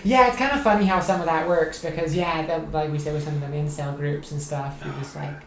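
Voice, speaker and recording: A woman's voice: sits low, steady tone, brisk, a little hiss or hum. A woman interviewing in casual conversation, agreeable and chatty, laughing often. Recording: echoey room.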